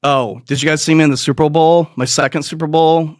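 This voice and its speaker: A middle-aged man telling a rambling, profane comic story with quick asides and put-on voices. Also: fairly high pitch, fairly even intonation, no room sound, clean studio sound. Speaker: comedian. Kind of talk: stand-up storytelling.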